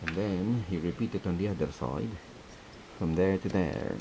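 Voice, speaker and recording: A man's voice: deep voice, sing-song, normal speed, mellow, slight background noise, rough recording. A man hosting a casual step-by-step craft tutorial, chatty and laughing often as he repeats his instructions.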